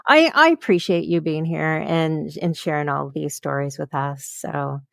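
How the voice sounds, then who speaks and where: Female co-host, low gravelly voice, excitable, dry sound. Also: unhurried, no echo. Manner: enthusiastic, laughs easily. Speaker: podcast co-host. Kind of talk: casual chat.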